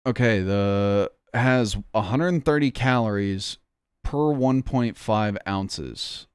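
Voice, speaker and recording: A man's voice: lowish voice, slow pace, smooth, no room sound, studio quality. A man chatting casually on a stream, rambling and swearing in a jokey, offhand way. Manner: rambling, profane, jokey, says "bro".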